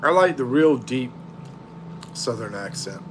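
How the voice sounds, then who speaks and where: A man's voice: medium pitch, lively intonation, unhurried, slight background noise. A middle-aged man hosting a casual livestream, chatting in a drawling, rambling way as he reads out viewer comments. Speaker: livestream host.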